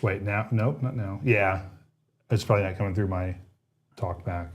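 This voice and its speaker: A man's voice: lowish voice, muffled recording. A man co-hosting a tech livestream, chatting casually and laughing often while testing gear. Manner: laughs often, quick and playful. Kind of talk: casual chat.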